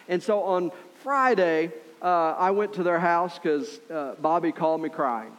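A middle-aged male pastor preaching a sermon in a conversational, earnest way, often checking in with listeners with quick asides. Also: on the high side.

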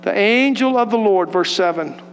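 A man's voice: high voice, lively intonation, moderate pace, faint music behind. A man preaching a sermon as pastor, earnest and emphatic, building on repeated phrases. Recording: long hall reverb with faint mains hum.

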